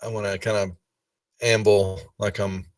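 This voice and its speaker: A man's voice: lowish voice, level tone, unhurried. A man playing a tabletop game who makes jokey asides. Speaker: player. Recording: distant, dry mic.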